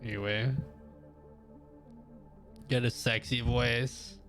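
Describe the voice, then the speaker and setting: Slow and fairly bright in tone, a medium-pitched man's voice with little pitch movement chats easygoingly with his live stream viewers, rambling and laughing often. He's on a studio mic through an audio mixer, with faint background music.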